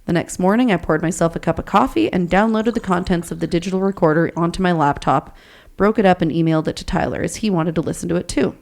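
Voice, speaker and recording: A woman's voice: on the low side, fast, gravelly, a little mellow. A woman podcast host reading a listener's true ghost story aloud, with chatty asides to her co-hosts. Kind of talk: story reading and casual chat.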